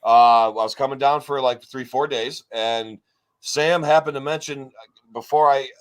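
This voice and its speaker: A New York State man co-hosts a podcast, spinning a long, meandering story in casual conversation. His medium-pitched voice is clear and resonant at a normal pace, and he swears often while animatedly acting out what other people said.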